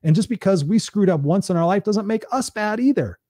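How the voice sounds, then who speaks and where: A man's voice: high voice, lively intonation, brisk, dark tone, dry recording. A man hosting a live stream, giving a blunt, preachy motivational talk in a casual, conversational way and swearing freely.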